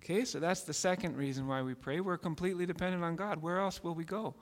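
High-voiced man preaching in a reverberant hall. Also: fairly even intonation, fast talker. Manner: storytelling, earnest and repetitive with restarts. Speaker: pastor. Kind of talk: sermon.

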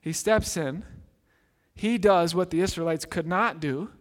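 A man preaching a sermon as pastor, earnest and emphatic, dropping softer on key phrases. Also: high voice, unhurried. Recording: long reverb in a large hall.

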